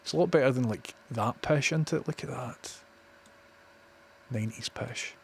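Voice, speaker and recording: A man's voice: mid-range voice, normal speed, slight background noise. A Glaswegian man chatting casually on a live stream, sweary and opinionated as he reads chat messages. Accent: Scottish, Glaswegian. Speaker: livestreamer.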